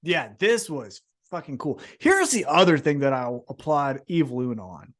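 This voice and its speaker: Profane, animated ranting podcast host man. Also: fairly high pitch, normal speed. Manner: animated, heavy swearing, mocking put-on voices. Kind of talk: profane ranting wrestling chat.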